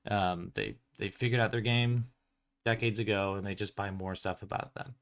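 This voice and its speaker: Fairly low and creaky yet a bit bright, this man's voice keeps a fairly even intonation at normal speed. He publishes tabletop games and hosts a stream, chatting casually and ramblingly with lots of "um" and "like," laughing between ideas.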